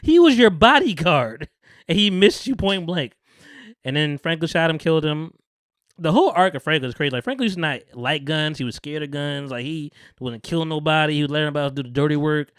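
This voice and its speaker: A man's voice: fairly high pitch, fast, fairly bright tone, clear, resonant tone, dry recording, studio quality. A man hosting a podcast, animatedly retelling a TV episode, swearing freely and laughing often. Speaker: podcast host. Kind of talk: casual chat, retelling a TV episode.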